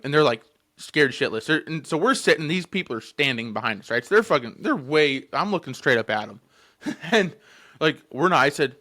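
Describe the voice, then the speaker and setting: Animated and a little fast, a man in his twenties co-hosts a podcast in a sharp voice on the high side. He tells a story casually, cursing freely, laughing a lot and filling gaps with fillers.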